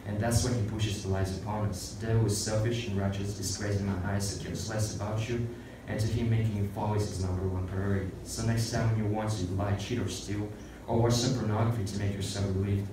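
A man reciting a rhyming spoken-word piece about sin, then sharing a halting testimony full of fillers. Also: on the low side. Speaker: church retreat participant reciting a poem. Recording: echoey room, far from the mic, noisy.

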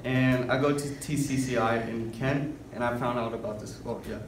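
A man from Washington state giving a short, hesitant, quiet testimony. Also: medium pitch, steady tone, normal speed, a little hiss or hum. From Washington state, United States. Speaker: retreat participant giving testimony. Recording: echoey room, far from the mic.

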